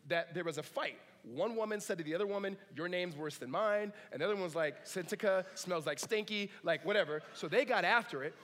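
A man's voice: fairly high pitch, a bit bright, big-room sound. A man preaching a sermon as a pastor, conversational, with humorous asides.

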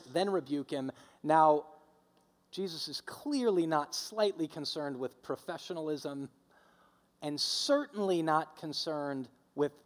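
A male pastor delivers a sermon in a fairly high voice, hammering his points with repetition and calling on the congregation to answer back. His voice carries a long reverb from a church hall. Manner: emphatic, repetitive preaching with audience call-and-response.

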